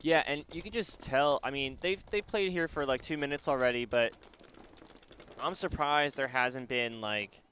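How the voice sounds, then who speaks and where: A man's voice: medium pitch, normal speed, pushed and bright, slight background noise. A man commentating a live paintball match in a casual, joking way, with ums, his voice a little worn. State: losing his voice.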